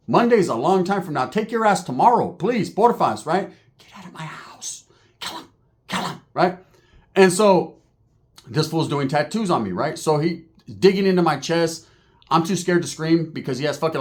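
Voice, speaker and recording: A man telling a story in a casual, animated and profane streetwise way. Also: fairly high pitch, moderate pace.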